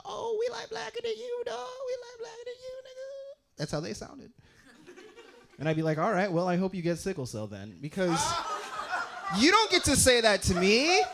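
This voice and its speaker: A young man from Utah performing a stand-up comedy set, animated, leaping into loud high character voices and dropping to low asides.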